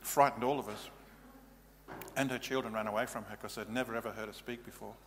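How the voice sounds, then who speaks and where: A man's voice: fairly low pitch, fairly even intonation, fast talker. A male pastor giving a practical, matter-of-fact teaching sermon in a church. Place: church hall. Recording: reverberant hall, faint hum.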